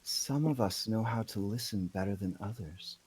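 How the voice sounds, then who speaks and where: A man voicing an eerie young woman who talks in soft, cryptic, dreamy lines. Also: mid-range voice, very animated, slow pace, slightly rough, full character voice.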